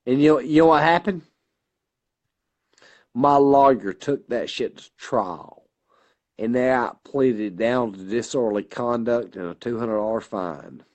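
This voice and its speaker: A man's voice: medium pitch, unhurried, darkish tone. A drunk man co-hosting a podcast, rambling through a profane story in casual talk. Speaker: podcast co-host. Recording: dull lo-fi recording.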